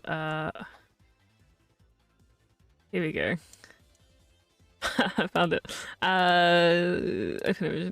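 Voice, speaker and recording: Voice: medium pitch, gravelly, a bit bright, dry recording. Rambling streamer in their twenties. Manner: rambling, filler-heavy, laughs often. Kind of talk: casual live-stream chat.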